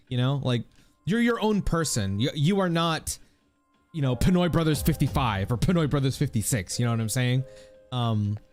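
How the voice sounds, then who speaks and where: A man's voice: medium pitch, a little mellow. A young man from the Philippines chatting casually and rambling to his viewers while he streams a game. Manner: rambling, chatty, lots of fillers, laughs often. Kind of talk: casual live-stream chat while gaming.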